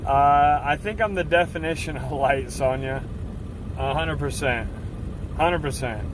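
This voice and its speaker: A man's voice: a little high, a little slow, background noise. A man hosting a live stream, talking casually to his chat in assertive, fired-up rants. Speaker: livestream host.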